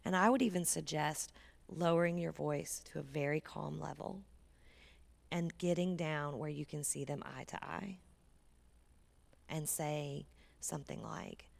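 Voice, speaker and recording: A woman's voice: deep voice, measured pace, gravelly, pauses often. A woman speaking as a guest speaker, giving an earnest, conversational parenting talk to a church audience and dropping to a near whisper for emphasis.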